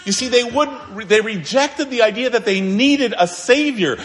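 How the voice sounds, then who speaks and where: A man's voice: very high-pitched, moderate pace. Earnest preaching man in a reverberant church. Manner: earnest preaching with emphatic rises and sudden quiet drops. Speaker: pastor. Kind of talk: sermon. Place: church sanctuary. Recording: long reverb of a church hall.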